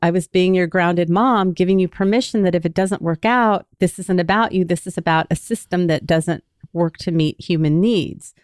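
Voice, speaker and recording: A woman's voice: fairly low pitch, normal speed, hardly any pauses, a little mellow, smooth, dry recording, studio quality. A woman in her sixties, a coach and former therapist, candidly telling a personal story and reflecting on her feelings in a podcast conversation. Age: 60s. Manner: candid, self-reflective, talks through feelings openly.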